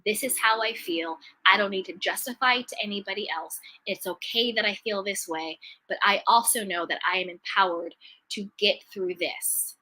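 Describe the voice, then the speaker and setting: A woman coaching on self-love in a motivational talk, her voice bright and forceful. She hammers home her points with repetition and slows down to land the key phrases. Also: medium pitch, poor audio.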